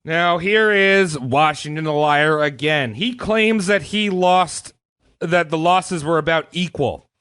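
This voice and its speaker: A man's voice: a little high, slow pace, fairly bright tone, smooth, no room sound. A man casually retelling history on a comedy podcast, irreverent and profane, often slipping into voices for the people in the story. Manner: irreverent storytelling, puts on voices for historical figures, swears freely. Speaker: podcast co-host telling history.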